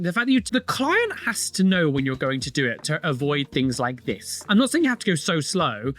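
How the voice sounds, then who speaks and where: Man, reaction host, lively swooping voice, sarcastic, casual commentary. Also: high voice. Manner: animated, exclaiming, sarcastic.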